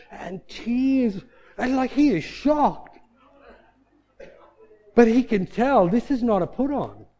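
A man preaching a sermon, telling a story in a lively, animated way that rises into loud bursts. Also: very high-pitched. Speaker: pastor.

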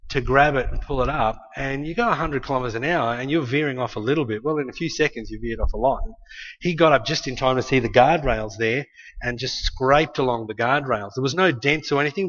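A man's voice: medium pitch, a little fast, a bit bright. An Australian man preaching, telling a family story in a loose, conversational way with many restarts. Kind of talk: sermon storytelling. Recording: slightly muffled lo-fi recording.

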